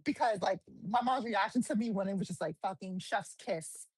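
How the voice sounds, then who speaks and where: A woman, a guest wrestler, telling stories in a casual interview, animated, swearing freely and acting out quotes. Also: mid-range voice, normal speed, husky, dry recording, low-quality recording. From New Jersey.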